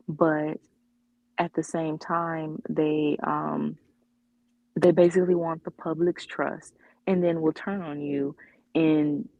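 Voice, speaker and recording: A woman with a low voice co-hosts a casual comics podcast, and the recording is dry with phone-quality sound. She rambles as she chats about comics, using lots of fillers and restarting her sentences.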